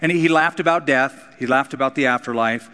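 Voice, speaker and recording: Male pastor, mid-pitched, earnest sermon delivery with casual asides, long hall reverb. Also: a little fast, sharp tone. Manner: earnest preaching, shifting between casual asides and emphatic peaks.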